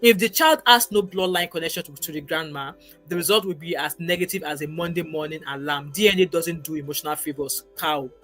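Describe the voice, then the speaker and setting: A woman's voice: sits low, brisk, a bit bright, faint music behind. Chatty woman streamer. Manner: chatty, reads comments aloud. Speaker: livestream host. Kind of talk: livestream chat.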